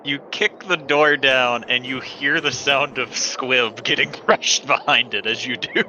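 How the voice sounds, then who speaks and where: A man's voice: medium pitch, fairly even intonation, unhurried, bright, forceful tone, slight background noise. Man game master narrating a tabletop game. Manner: laughs through narration, restarts words. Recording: dull lo-fi stream audio. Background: background music.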